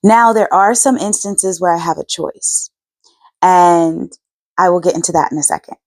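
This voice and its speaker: A woman's voice: on the low side, normal speed, a little mellow, dry recording. A woman hosting her own channel, chatting earnestly about her spiritual experiences, rambling and correcting herself as she goes. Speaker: channel host. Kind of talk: casual spiritual vlog chat.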